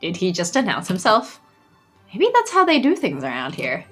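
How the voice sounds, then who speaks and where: Bright, lively woman teasing her co-host. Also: lowish voice, normal speed, slightly rough, soft background music. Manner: teasing, sarcastic, laughs often. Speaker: let's play co-host. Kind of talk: casual game commentary and reading.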